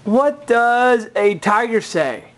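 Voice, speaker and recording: A woman's voice: a little high, lively intonation, slow pace. A woman in a home video, coaxing her toddler with sing-song baby talk, at home. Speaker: parent filming her toddler.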